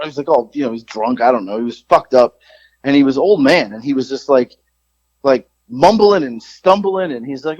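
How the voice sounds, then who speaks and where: A man co-hosting a podcast, telling stories in casual chat, swearing freely and jumping up in pitch when he quotes himself. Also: moderate pace, no echo. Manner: animated storyteller, jumps high when quoting himself, swears freely. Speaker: podcast co-host. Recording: slightly dull lo-fi sound.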